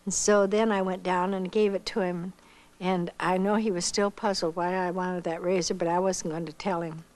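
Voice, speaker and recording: An older woman from the United States telling a personal testimony slowly and reflectively, acting out the voices of the people she quotes. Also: lowish voice, little pitch movement, darkish tone, poor audio. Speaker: missionary giving testimony.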